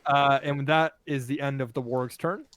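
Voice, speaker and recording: A man's voice: mid-range voice, steady tone, normal speed, fairly bright tone, dry recording. A man running a tabletop game as game master, casually counting out moves and rulings. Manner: casual, counts out movement step by step.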